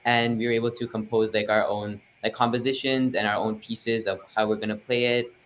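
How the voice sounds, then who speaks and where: A man's voice: fairly low pitch, level tone, fairly quick, a bit bright. A teenage boy answers a host's questions over a video call, polite and eager to share. A faint hiss sits under his voice. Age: teens. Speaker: guest musician. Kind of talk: casual interview answers.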